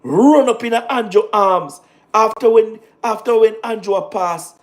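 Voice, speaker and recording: Jamaican man, high-pitched voice, casual livestream political commentary, animated, repetitive. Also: moderate pace. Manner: animated, repetitive, talks in patois with laughs.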